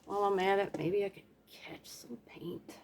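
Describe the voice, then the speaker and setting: A woman's voice: medium pitch, steady tone, normal speed, background noise. A woman casually narrating her acrylic paint pouring at home, chatty and self-deprecating, with playful sound effects and humming. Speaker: craft vlogger.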